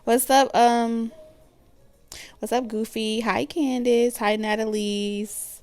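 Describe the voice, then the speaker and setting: A woman hosting a live tarot reading stream, greeting viewers by name in a relaxed, chatty way with casual slang. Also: fairly high pitch, slow.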